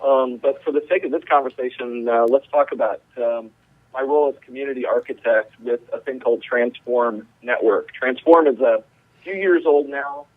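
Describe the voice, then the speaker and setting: A man from the Charlotte area calling in as a radio guest, earnest and filling his pauses with ums and uhs. His voice is of ordinary pitch for a man. The line is narrow and phone-like, and completely dry. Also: dry recording. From Charlotte, North Carolina area. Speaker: guest, community organizer.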